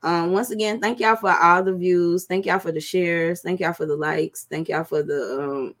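A middle-aged woman hosting a podcast, talking casually and profanely to her viewers, with drawn-out fillers. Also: fairly low pitch, fairly even intonation. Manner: loose, profane, drawling with fillers. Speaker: podcast host.

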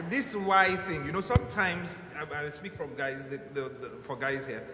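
A man with a notably high voice makes a jokey, stammering remark on a church panel. The hall is echoey with a long reverb, and clear ambience sits underneath. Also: takes it slowly, noisy background.

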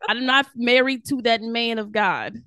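A woman guest on a faith podcast, chatting casually and telling her story with animated energy and frequent laughs. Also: fairly high pitch, a little slow, no room sound. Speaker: guest, devotional author.

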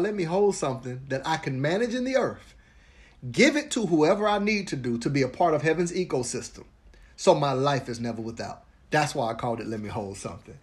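A pastor preaching in a high, bright voice. He repeats his key lines for emphasis and has the church say a prayer back to him. It comes in rolling sermon cadences. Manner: preachy, repetitive, breaks into laughter and rising excitement; leads the congregation in a call-and-repeat prayer.

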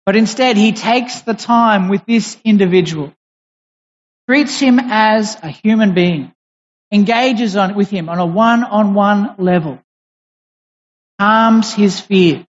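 A preacher giving a sermon in a deliberate, emphatic way, pausing and restarting as they explain. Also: medium pitch. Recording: dull recording in a reverberant hall.

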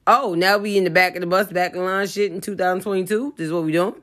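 A woman ranting in a profane, comedic way, with her voice jumping high and loud in heated outbursts. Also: steady tone, quick pace. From New York.

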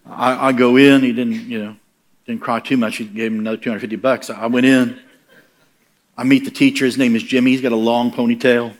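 Animated, plain-spoken male preacher. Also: mid-range voice, fairly quick. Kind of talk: humorous storytelling sermon.

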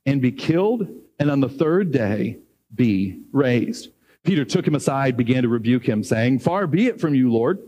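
A middle-aged man preaching a sermon, animated, acting out dialogue and rising high when excited. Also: a little hiss or hum.

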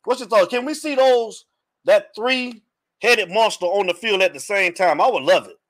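High-voiced man hosting a sports podcast. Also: normal speed, a bit bright. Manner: hypes and greets chat viewers by name, repeats phrases. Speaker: podcast host. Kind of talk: casual live-stream sports talk.

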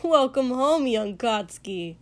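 A woman doing a booming jovial gaunt giant. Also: lively intonation, slow, a bit bright, heavily acted. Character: tall gaunt booming cheerful man.

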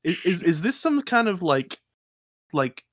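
A man chimes into a podcast chat with jokes, stumbling over his words. His voice sits a bit high. The recording is close and dry. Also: big pitch swings, no room sound. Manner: joking, halting. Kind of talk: casual chat.

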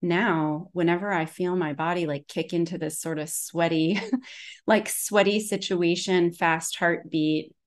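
A woman's voice: on the low side, a little slow. Chatty woman wellness practitioner, rambling. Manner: rambling, many "like" fillers, animated storytelling. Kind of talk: casual conversation.

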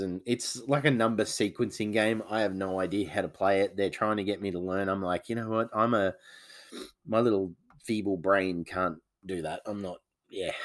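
A man, sounding congested from hay fever, rambling casually as the host of a solo podcast. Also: deep voice. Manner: rambling, chatty, many fillers.

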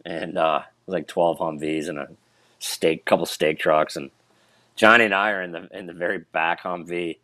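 A man, a military veteran, telling a war story in a halting way with many restarts and fillers. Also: low-pitched, fairly even intonation, bright, forceful tone, no echo. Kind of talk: casual storytelling.

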